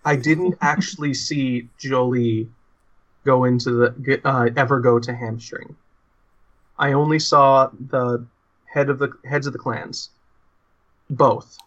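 A man voicing a weary, secretive male weasel-like creature guard in a tabletop role-play, talking in halting stops and restarts. The audio is slightly muffled. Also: mid-range voice, steady tone, fairly bright tone. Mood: uneasy.

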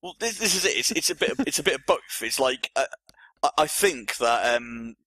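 A man's voice: mid-range voice, lively intonation, moderate pace, sharp tone, no echo. Young man hosting a podcast with hesitant stammers. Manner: hesitant, repeats words, swears. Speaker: podcast host. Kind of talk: casual chat.

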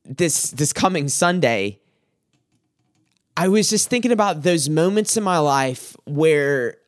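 A young man hosting a podcast, giving a reflective faith talk in an earnest, halting way, often repeating words as he tells a personal story. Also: fairly high pitch, dry recording, clean studio sound. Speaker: podcast host.

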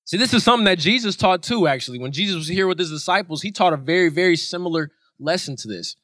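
A man's voice: sits high, expressive, quick pace, fairly bright tone, dry recording, clean studio sound. A man preaching a sermon in an earnest way, repeating his points for emphasis.

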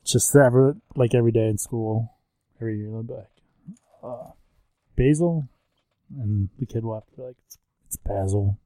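A man in his thirties co-hosts a casual podcast, joking and teasing his friend. His voice is mellow and dark at a middle pitch, recorded close and dry. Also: fairly even intonation, quick pace, no echo, rough recording. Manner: joking, playful, slips into silly voices. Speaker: podcast co-host. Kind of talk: casual chat.

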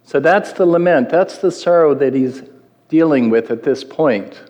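A man's voice: on the high side, expressive, moderate pace, darkish tone, muffled recording. A middle-aged man preaching a sermon in an earnest teaching manner, putting questions to his listeners. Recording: long hall reverb.

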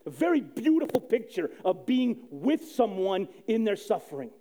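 High, lively-voiced male pastor preaching. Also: moderate pace, few pauses. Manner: animated storytelling with sudden soft drops and loud quoted outbursts. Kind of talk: sermon.

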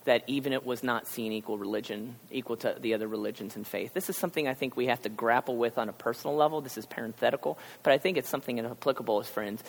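A man's voice: mid-range voice, vocal fry. Pastor guy giving a chatty sermon, does little voices for the characters, big echoey hall. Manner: conversational, acts out characters in quick asides. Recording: long hall reverb.

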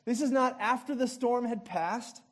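A man with a strikingly high voice delivers a lively, interactive sermon. He jokes as he goes and cues the audience to act out the story with him. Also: normal speed. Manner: playful, directs the audience to act out the scene; jokey asides with light laughs. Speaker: pastor.

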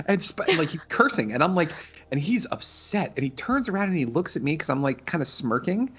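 A man co-hosting a casual chat, telling stories in an animated way, swearing freely and acting out quotes. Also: on the high side, fairly quick, slightly rough, highs cut off. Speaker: podcast co-host.

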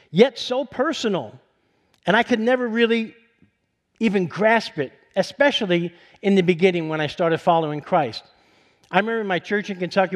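Male pastor, high voice, sermon, storytelling, excitable rises in pitch.

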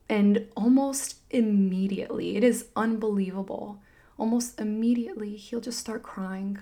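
A woman's voice: mid-range voice, steady tone, moderate pace, mellow. A woman in her thirties talking candidly and earnestly about parenting, full of fillers and restarts. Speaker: parenting vlogger. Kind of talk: candid heartfelt monologue.

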